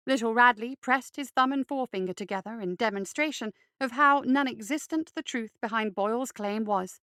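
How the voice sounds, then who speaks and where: Bright, crisp woman narrator. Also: a little high, normal speed, dry recording, studio quality. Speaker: storyteller. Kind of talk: scripted narration of a dark fairy tale.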